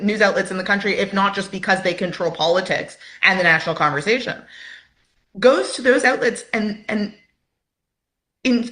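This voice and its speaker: Woman ranting about politics in a clip, bright voice, lots of likes, talks fast. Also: medium pitch. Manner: fast, animated, fills with "like".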